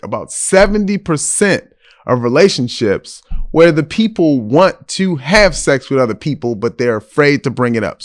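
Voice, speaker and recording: A man hosting a casual advice podcast, frank and blunt as he answers a listener's letter. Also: mid-range voice. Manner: blunt, frank, lively delivery. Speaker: podcast host giving advice.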